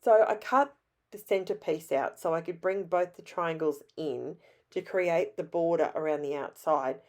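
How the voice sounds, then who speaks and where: A middle-aged Australian woman with a hoarse, raspy voice, chatting in a rambling, self-deprecating way as she narrates her scrapbooking. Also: fairly low pitch, moderate pace. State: hoarse from illness. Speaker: scrapbooking vlogger. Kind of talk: casual voice-over narration.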